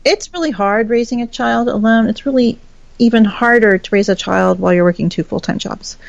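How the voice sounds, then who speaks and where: Woman with a gravelly voice telling a story, blunt and chatty, swears a bit, muffled lo-fi sound. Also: a little high, a little fast, no echo. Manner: frank and chatty, with casual swearing. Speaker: podcast guest. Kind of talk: candid personal storytelling.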